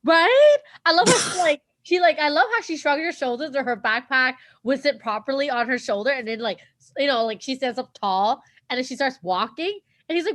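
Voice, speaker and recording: High, lively woman retelling a scene. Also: brisk, dry recording. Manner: animated, retells scenes with quoted lines. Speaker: podcast co-host. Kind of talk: casual review chat.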